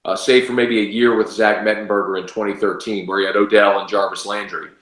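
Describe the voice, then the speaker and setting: A man's voice: fairly low pitch, little pitch movement, fairly quick, fairly bright tone, roomy sound. A man giving confident, emphatic college football analysis as a radio sports guest. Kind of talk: casual sports talk analysis.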